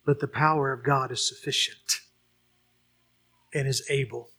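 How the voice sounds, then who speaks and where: A man's voice: medium pitch, fairly even intonation, measured pace, pushed and bright, slightly rough. A man preaching a sermon and leading a closing prayer, earnest and building to emphatic repeated questions. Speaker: pastor.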